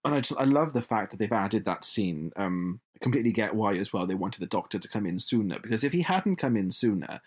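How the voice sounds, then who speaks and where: A man's voice: fairly low pitch, lively intonation, fairly quick, few pauses, slightly rough. A man hosting a podcast, chatting enthusiastically and laughing often. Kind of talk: casual chat.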